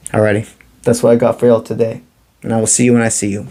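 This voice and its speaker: A man giving a spiritual tarot reading to camera, talking in a calm, encouraging and mystical way with casual slang. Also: lowish voice, quick pace, husky. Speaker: tarot reader.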